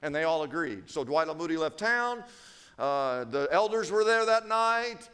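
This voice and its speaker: High-voiced preacher telling a story, breathless. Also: male voice, big pitch swings, normal speed, a bit bright, clear, resonant tone. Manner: emphatic, building repetition. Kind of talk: sermon storytelling.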